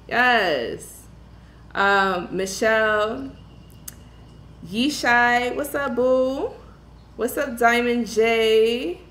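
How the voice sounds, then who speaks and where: A woman from Brooklyn, hosting a tarot livestream in casual chat and greeting viewers with slangy shout-outs. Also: fairly high pitch, very slow, pauses often. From Brooklyn, New York. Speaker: tarot reader livestream host. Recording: echoey room with faint ambience.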